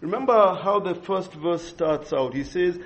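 A man preaching an expository sermon, earnest and measured, pausing and restarting as he thinks. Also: high voice, expressive. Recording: dull lo-fi recording.

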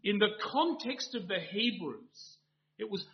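A man's voice: sits high, lively intonation, a little slow. A man preaching an evening sermon in an earnest manner, building to emphatic rhetorical questions. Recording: dull lo-fi recording.

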